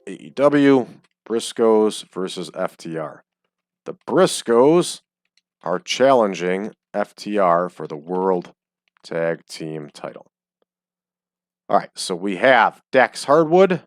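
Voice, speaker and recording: A man talking casually over his game with a fairly low voice. His chatter is jokey and loose, sprinkled with ums. The sound is dry and close, with no room around it. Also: sing-song, takes it slowly, no echo. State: hiccups. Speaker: game streamer. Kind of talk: casual let's-play commentary. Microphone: desk microphone.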